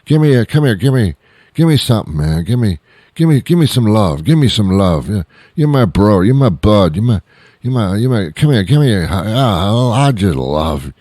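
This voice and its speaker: A man's voice: lowish voice, sing-song, moderate pace, warm tone, dry recording, studio quality, pitched above the performer's own voice. A man voicing a sloppy, affectionate drunk man who keeps repeating himself and begging for hugs. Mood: gushing. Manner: slurring, repetitive, pleading for hugs.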